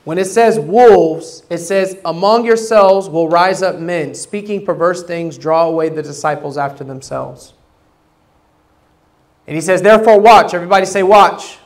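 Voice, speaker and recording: A man preaching a sermon in a high voice. He is animated and casual, acts out the voices he quotes, and swings between loud bursts and quiet, low asides. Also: moderate pace. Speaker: pastor.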